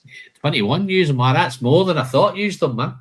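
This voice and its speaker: A man's voice: a little high, animated, moderate pace, slightly rough. A man hosting a live whisky tasting, listing flavour notes and chatting casually, calling people "man" and "mate".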